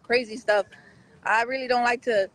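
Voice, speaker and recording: High-voiced man livestreaming from the street. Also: fairly even intonation, moderate pace, fairly bright tone, rough recording. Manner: loose, rambling, talks straight to viewers. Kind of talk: casual live street commentary. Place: outdoors outside a courthouse.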